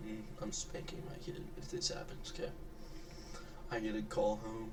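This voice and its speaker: A man's voice: expressive, normal speed, a little mellow. A man who is sick, giving a rambling, joking commentary as he reacts to a video, often trailing off and restarting his thoughts. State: sick, voice affected by illness. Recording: distant mic with clear rumbling noise.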